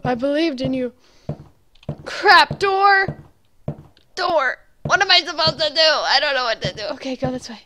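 Brief: young woman let's-player, very high bright voice, jumpy, screams and giggles through a horror game. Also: animated, moderate pace, faint music behind. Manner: jumpy, shrieking, nervous giggling. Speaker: gaming YouTuber. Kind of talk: horror let's play commentary.

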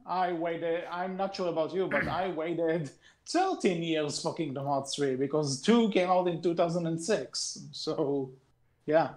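A man's voice: fairly high pitch, measured pace, darkish tone. A man co-hosting a casual podcast, chatting in a rambling, hedging way as he shares his thoughts. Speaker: podcast co-host.

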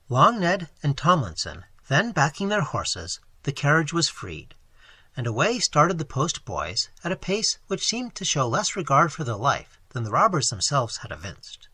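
Man, audiobook narrator, classic novel, animated, breathy, dry close sound. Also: fairly high pitch, normal speed, dry recording. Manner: expressive, animated storytelling.

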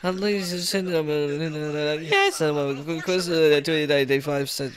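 A man retelling a picture book story aloud in a halting way, repeating words as he goes. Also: a little high, steady tone, slight background noise.

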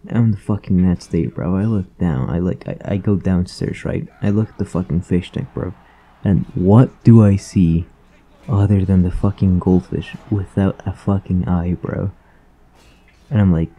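Low gravelly young man ranting profanely. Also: normal speed, muffled recording. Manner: profane, rambling, filler-heavy. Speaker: vlogger. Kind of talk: casual storytime rant.

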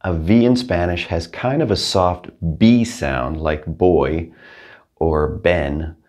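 A man teaching a Spanish pronunciation lesson, patient and clear, saying each example word twice. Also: low voice, slow, darkish tone. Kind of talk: scripted language lesson.

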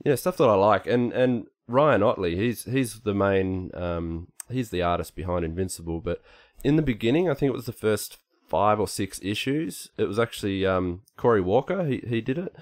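Give me a low-pitched man chatting haltingly on a podcast. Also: lively intonation. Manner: halting, many restarts and fillers. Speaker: podcast co-host, artist. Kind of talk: casual podcast chat.

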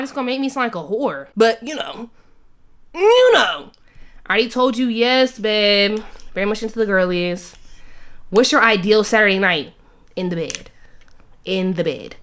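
A woman in her twenties reading out a quiz in a casual, playful chat full of slang and quick asides. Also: medium pitch, lively intonation, fairly bright tone. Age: 20s. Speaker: YouTuber.

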